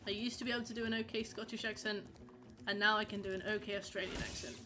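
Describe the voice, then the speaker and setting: With music in the background, this young woman livestreams a game and talks fast in a mid-range, steady voice. She chats casually with her audience, wandering between topics and answering messages.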